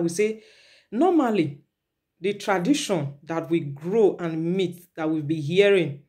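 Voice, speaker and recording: A woman's voice: lowish voice, dark tone. Nigerian woman vlogger, preachy and repetitive, mixes in Pidgin. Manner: lecturing, repetitive, slips into Pidgin. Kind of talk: preachy commentary vlog.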